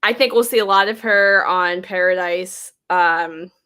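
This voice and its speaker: A woman's voice: on the low side, a little slow, bright, forceful tone, smooth. A woman co-hosting a podcast in casual chat, upbeat and chatty, sprinkling "like" through her sentences. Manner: chatty and upbeat, with many "like" fillers. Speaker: podcast co-host.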